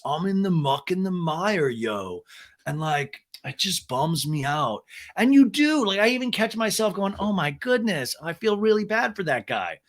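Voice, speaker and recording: A man hosting a podcast, chatting casually and animatedly about pop culture. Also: on the high side. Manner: chatty and animated, with laughs and silly quoted voices. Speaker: podcast host.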